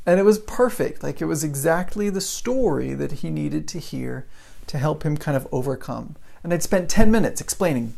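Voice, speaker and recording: A man's voice: fairly high pitch, expressive, normal speed, gravelly, a little mellow. A man who teaches English, giving a casual live-streamed talk and telling personal stories, often checking in with "right?".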